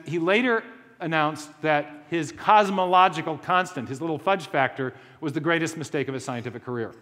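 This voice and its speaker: A man's voice: fairly high pitch, normal speed, sharp tone, big-room sound. A man giving a conversational lecture to a live audience, with joking asides and frequent restarts.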